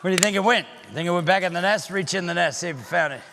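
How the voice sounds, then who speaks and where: High, bright-voiced joking magician man. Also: rapid-fire, slight background noise. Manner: playful, teasing, loud, calls out to the crowd. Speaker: magician and children's entertainer. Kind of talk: comic magic show patter for kids. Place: synagogue sanctuary in front of a live audience.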